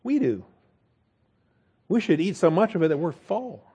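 A man's voice: high voice, sing-song, moderate pace, dark tone, slightly rough, lo-fi sound. Conversational man teaching Bible study. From United States. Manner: conversational, many fillers and restarts, frequent "okay?" checks.

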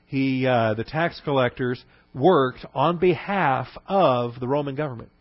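A middle-aged Texan man teaches a Bible lesson in a conversational way, explaining Greek terms with lots of fillers and frequent "all right?" check-ins. His mid-range voice moves at a measured pace, and the recording is dry and slightly dull.

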